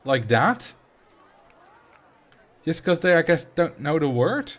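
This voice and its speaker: A man's voice: on the high side, sing-song, slow pace, fairly bright tone, some chatter behind. A man with a Dutch accent whose first language is Dutch, chatting casually on a game livestream and replying to chat, laughing easily and often restarting his sentences. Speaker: game streamer.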